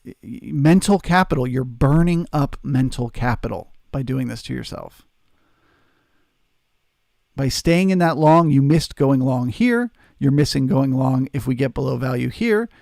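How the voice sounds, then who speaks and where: A man's voice: medium pitch, animated, unhurried, vocal fry, a little mellow, dry recording, clean studio sound. A man hosting a live trading stream, answering chat and coaching viewers in an earnest, emphatic way. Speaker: trading livestream host.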